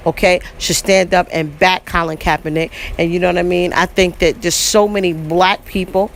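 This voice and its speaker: A woman's voice: lowish voice, slight background noise. A woman in her forties giving preachy vlog commentary, emphatic and repetitive, often breaking in with "listen" and "you know what I mean". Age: 40s. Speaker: vlogger.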